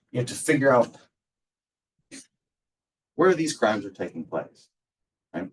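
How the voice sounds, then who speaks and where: A low-pitched man talks a class through a lecture in a loose, rambling way, full of ums and restarts. He sits some way back from the mic. The result is a casual, unpolished classroom recording. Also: recorded from a distance. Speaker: instructor.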